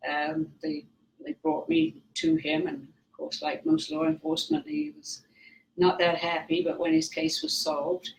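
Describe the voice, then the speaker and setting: Gravelly older Welsh woman telling stories. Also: on the low side, a little slow. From Wales. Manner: animated, acts out other people's lines. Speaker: psychic guest. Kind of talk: anecdotal interview storytelling. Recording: roomy, distant mic, faint noise.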